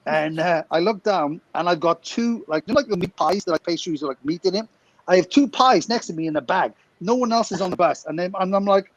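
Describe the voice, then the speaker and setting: A man, co-hosting a podcast, tells a funny story in a casual, animated way and laughs as he goes. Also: fairly high pitch, quick pace, lo-fi sound. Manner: animated, laughs through his story, acts out quotes.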